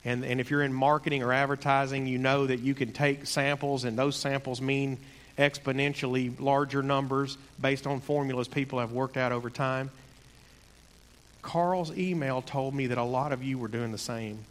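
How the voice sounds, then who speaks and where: A man giving a sermon in an earnest, conversational way, slowing down to stress key points. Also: medium pitch, steady tone, in a large hall. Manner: earnest, conversational, slows for emphasis. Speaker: preacher.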